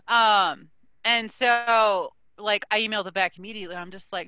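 Podcast co-host, woman, bright and forceful, dry close sound, animated storyteller who swears a lot. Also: medium pitch, fairly quick, clear, resonant tone, no echo, dull audio. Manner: animated ranting with lots of "like" and swearing. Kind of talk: casual chat, storytelling.

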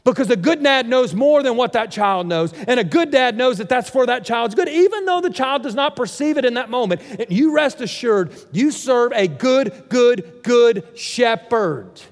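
A man preaching a sermon as pastor, emphatic and swinging from loud declarations to hushed lines. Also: very high voice, animated, moderate pace, few pauses. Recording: hall reverb.

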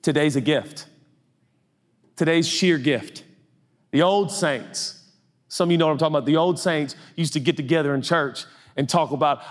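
A middle-aged male pastor preaching a lively sermon, self-mocking and animated, often jumping into high silly voices for comic asides. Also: moderate pace. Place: church auditorium. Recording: long reverb of a large hall.

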